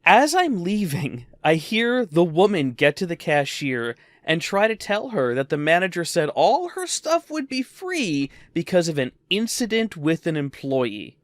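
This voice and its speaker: Lively wry male storyteller. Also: fairly high pitch, unhurried, hardly any pauses, dry recording, clean studio sound. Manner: wry, conversational, lively delivery. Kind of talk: storytime narration.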